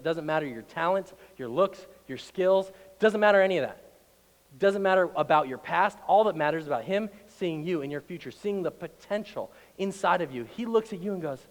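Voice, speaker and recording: A male pastor giving a conversational sermon that builds to loud, emphatic passages, recorded in a church auditorium. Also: on the high side. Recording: long hall reverb.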